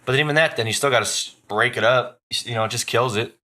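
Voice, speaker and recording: A man hosting a podcast in casual chat, telling rambling, profane stories full of "dude" and "bro", and jumping up in pitch when he quotes someone. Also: fast talker. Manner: animated, jumps up in pitch for quoted voices. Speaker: podcast host.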